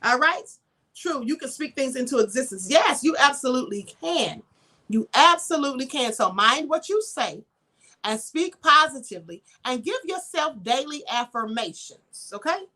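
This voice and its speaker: A woman's voice: high-pitched, lively intonation, normal speed, bright, forceful tone. A middle-aged woman, giving casual spiritual commentary and reading viewer comments in an emphatic, chatty way. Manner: emphatic and chatty, addresses viewers with "honey" and "okay?". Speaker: host of a livestream channel.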